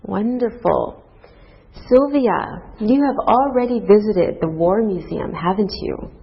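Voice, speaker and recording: A woman teaching an English grammar lesson to a class, speaking slowly and deliberately through example sentences. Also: medium pitch, animated, creaky, breathy edge. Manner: slow, deliberate teacher talk with rising and falling example tags. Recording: dull lo-fi course recording.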